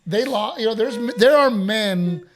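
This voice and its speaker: A high-pitched Texan podcast host talks a little slowly but in an animated way. In casual conversation he tells stories, quotes others and laughs often.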